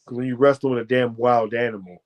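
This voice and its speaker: An American man, a former fighter, telling a profane, boastful story as a guest and breaking into loud shouted quotes. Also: medium pitch, fairly even intonation, fast, muffled recording. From United States. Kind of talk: animated storytelling.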